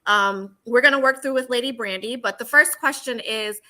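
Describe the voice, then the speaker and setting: Woman host, higher voice, bright, measured and guiding, web talk show. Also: low-quality recording.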